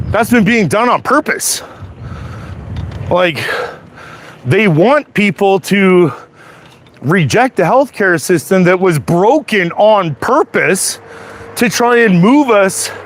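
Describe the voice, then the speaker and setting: A man's voice: high-pitched, a bit bright. A Canadian man in an angry, profane political rant, recorded outdoors near passing traffic. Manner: profane, heated, repetitive. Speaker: vlogger.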